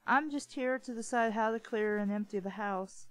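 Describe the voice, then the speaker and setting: Woman reading as a charming upper-class gentleman. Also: on the high side, normal speed, dry recording, lightly acted, rough recording. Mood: polite.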